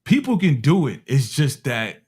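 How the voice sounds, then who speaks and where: A man tells a casual story. His voice sits at an everyday middle pitch. He talks in an animated way and puts on the voices of the people in his story, peppered with street slang. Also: normal speed, breathy edge. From Harlem, New York. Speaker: music producer telling a story.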